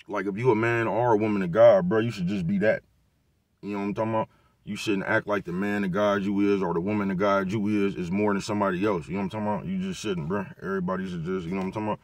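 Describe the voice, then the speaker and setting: Dude talkin aave, chill and rambling, cussing a lot, kinda low voice, keeps checking you get him. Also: male voice. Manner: laid-back, profane street talk, constant "you know what I'm talking about". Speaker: vlogger giving life advice. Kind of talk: casual motivational monologue.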